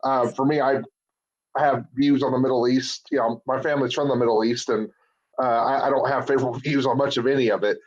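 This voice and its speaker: A man's voice: medium pitch, steady tone, brisk, dull audio. A man co-hosting a casual podcast, talking bluntly and profanely, a little worn out from talking all day. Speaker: podcast co-host, lawyer. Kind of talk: casual opinionated chat.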